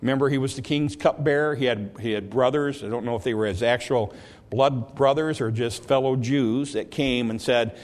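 Man teaching a Bible lesson in a reverberant hall. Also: mid-range voice. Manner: halting, repeats words while explaining. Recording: long reverb of a large hall.

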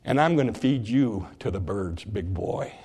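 A man voicing a young shepherd hero, speaking in a low, quiet, steady way. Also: moderate pace, husky. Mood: solemn. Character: young shepherd boy hero, calm and faithful.

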